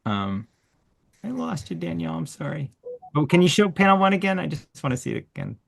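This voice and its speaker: Gravelly encouraging man hosting workshop. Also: fairly high pitch, very animated, brisk. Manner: enthusiastic, encouraging. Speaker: workshop host. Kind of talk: online workshop feedback. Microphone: video call.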